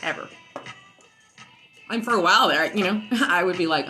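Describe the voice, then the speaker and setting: A woman at home casually telling a story, profane and animated, often laughing as she talks. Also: fairly low pitch, a little fast, faint music behind, poor audio. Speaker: vlogger.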